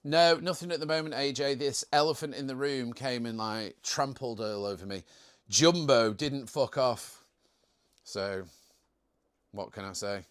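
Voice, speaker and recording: A man's voice: medium pitch, measured pace, clean tone. A young man hosting a casual live stream, chatting in a jokey way and reading out viewer comments.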